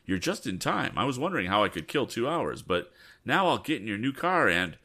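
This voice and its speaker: A man's voice: medium pitch, big pitch swings, fairly quick, bright, forceful tone, voice pushed up, full character voice. A man voicing an eager, confident young male inventor in a storybook reading, with a raised boyish voice.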